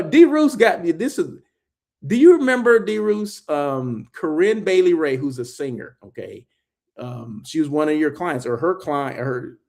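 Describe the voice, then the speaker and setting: A man's voice: fairly high pitch, vocal fry, a little mellow. A man hosting a casual live check-in, chatting loosely and thanking viewers by name. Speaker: host of a daily live check-in show.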